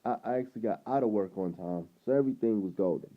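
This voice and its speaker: A man's voice: fairly low pitch, fast talker. Man telling a rambling story, tinny sound. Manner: rambling, animated retelling with quoted dialogue. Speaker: vlogger. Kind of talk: casual storytelling to camera.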